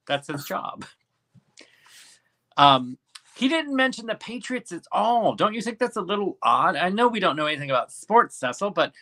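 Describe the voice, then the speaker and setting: A man's voice: fairly high pitch, pushed and bright. A man co-hosting a casual comedic chat show, teasing his guests and announcing to viewers. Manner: teasing, playful, announces to the audience. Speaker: co-host.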